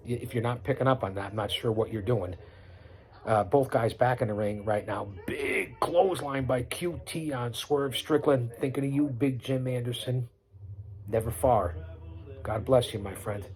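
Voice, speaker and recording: Over a wrestling broadcast, a middle-aged podcast host offers off-the-cuff commentary in a mid-range, slightly mellow voice at a moderate pace. His manner is boastful and preachy, full of repetition and rapid-fire lists.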